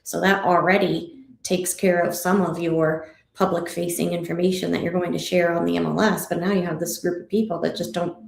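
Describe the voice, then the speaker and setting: A woman with a low, gravelly voice talks thoughtfully in casual livestream chat. Her delivery stays flat and even, and the sound echoes around the room. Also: brisk. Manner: thoughtful, asks open questions.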